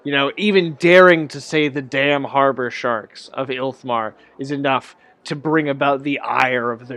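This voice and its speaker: A man's voice: mid-range voice, a bit bright. A man running a tabletop role-playing game, narrating in a casual, rambling way with frequent restarts. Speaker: game master.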